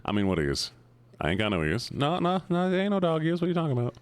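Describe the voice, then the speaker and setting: A man's voice: on the high side, wildly swooping pitch, fast talker, clear, resonant tone, voice pushed up. A man streamer putting on a folksy Southern cowboy voice with a twangy drawl. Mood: denying, teasing. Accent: American Southern (put on). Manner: ain't-heavy folksy talk.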